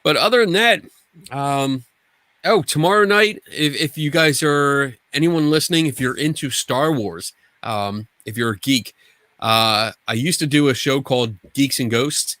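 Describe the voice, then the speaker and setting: A man's voice: medium pitch, a little slow, a bit bright, dry recording. Casual podcast co-host, a man who rambles and restarts his sentences, recorded dry and close. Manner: rambling, frequent restarts and profanity.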